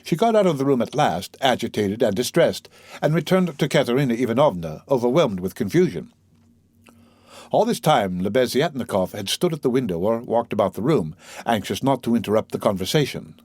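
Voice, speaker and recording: A man narrating a classic novel as an audiobook in a steady, plain reading voice. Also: medium pitch, brisk, husky, no room sound. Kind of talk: scripted narration.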